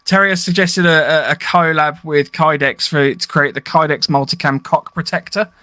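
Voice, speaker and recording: A man's voice: a little high, steady tone, normal speed, pushed and bright, no room sound. A man hosting a podcast, reading out listener questions in a joking, casual way.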